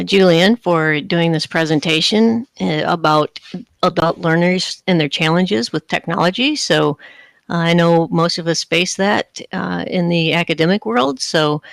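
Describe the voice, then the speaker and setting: An organiser opens an online conference session and introduces the speaker. The voice is gravelly and the delivery halting, full of uhs. It sounds dry and close, with no room around it. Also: mid-range voice, fairly bright tone, no echo.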